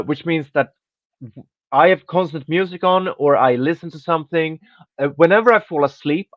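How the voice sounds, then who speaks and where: A man's voice: medium pitch, dry recording. A man telling a rambling story in casual podcast chat as host, restarting sentences and swearing offhandedly. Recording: dry, dull lo-fi sound.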